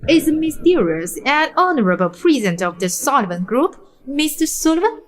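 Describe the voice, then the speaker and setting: A woman's voice: sits high, very animated, moderate pace. A woman voicing a cruel, spoiled young rich woman who taunts and mocks in a dubbed drama. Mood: taunting. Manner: taunting, mocking.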